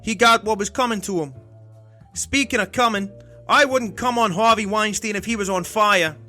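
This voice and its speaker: Man doing a brash, loud American monologuist, high and forceful. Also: moderate pace, faint music behind. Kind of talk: comedy podcast sketch.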